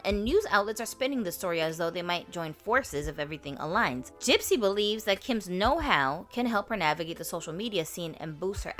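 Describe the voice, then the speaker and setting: A woman's voice: medium pitch, fairly bright tone. A woman hosting a casual commentary vlog, sassy and opinionated, talking straight to her viewers. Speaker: vlogger host.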